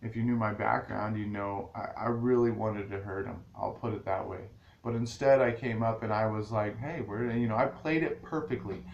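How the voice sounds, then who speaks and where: A man's voice: lowish voice, steady tone, moderate pace, gravelly, lo-fi sound. A man vlogging straight to his viewers in a rambling, casual way, restarting his sentences often. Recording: echoey room with faint ambient noise.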